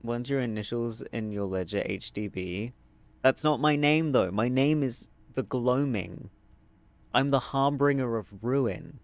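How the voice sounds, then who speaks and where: A man streaming a video game, chatting casually, joking and reading dialogue options aloud with sudden excited outbursts. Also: mid-range voice, unhurried, no echo. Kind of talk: casual gameplay commentary.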